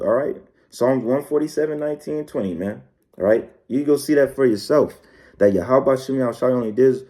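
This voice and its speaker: Laid-back man preaching with a dark voice. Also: medium pitch. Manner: repeats "all right" and "man" as tags; reads verses slowly. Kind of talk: casual scripture teaching.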